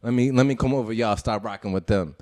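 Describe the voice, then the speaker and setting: A man's voice: lowish voice, fast talker, dark tone. A man hosting a casual podcast chat, spinning a story and acting out the dialogue. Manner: storytelling, acts out quoted dialogue. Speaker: podcast host.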